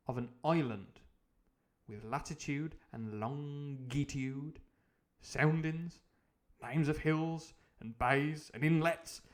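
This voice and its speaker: A man with a voice of ordinary, middling pitch reads a novel aloud to a live audience. He keeps breaking off for rambling, self-mocking tangents, padded out with ums and uhs, and then slips back into the text. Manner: rambling and jokey, full of tangents and fillers. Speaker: streamer reading a novel aloud. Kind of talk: live book reading with comic asides.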